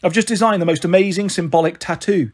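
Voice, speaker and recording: A man's voice: sits high, fast. A man putting on a gushing, dramatic young mum. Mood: gushing, pleading. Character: flamboyant, impulsive tattooed young mother.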